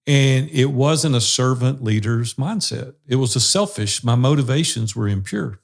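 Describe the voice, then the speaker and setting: A man's voice: medium pitch, animated, moderate pace, vocal fry, hardly any pauses. A man hosting a casual panel discussion over a video call, speaking in an earnest, storytelling way. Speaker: podcast host.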